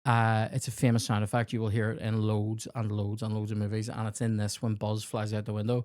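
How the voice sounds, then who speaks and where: A man's voice: lowish voice, monotone, fairly quick, darkish tone, no room sound, clean studio sound. A man, a comedy podcast host telling rambling, sweary childhood anecdotes and acting out the dialogue. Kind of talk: casual storytelling chat.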